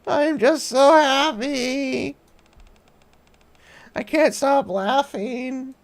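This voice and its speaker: A man's voice: very high voice, very slow, pitched above the performer's own voice, heavily acted. Man doing a tearful little chef girl. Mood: overjoyed. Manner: tearful, laughing through tears. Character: cute young female chef girl, earnest and emotional. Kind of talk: reading game dialogue aloud.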